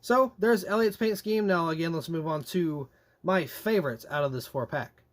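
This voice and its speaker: A young man reviewing diecast race cars in a chatty, animated way, with slangy asides and drawn-out complaints. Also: on the high side. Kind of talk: casual product review.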